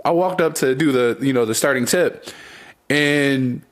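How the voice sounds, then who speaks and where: A man's voice: mid-range voice, a little slow. A young man co-hosting a podcast, telling stories in a loose casual chat, laughing often and swearing freely. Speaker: podcast co-host.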